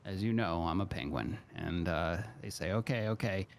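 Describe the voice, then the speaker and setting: A male stream host telling a joke in a loose, rambling way, full of restarts. His voice sits on the low side, and a faint hum runs in the background. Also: normal speed, creaky.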